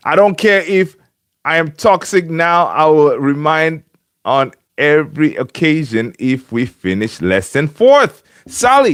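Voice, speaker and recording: A man's voice: medium pitch, a bit bright, no echo, studio quality. A man hosting a casual fan live stream from home, chatting with viewers by name and using lots of fillers and restarts. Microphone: home streaming setup with webcam.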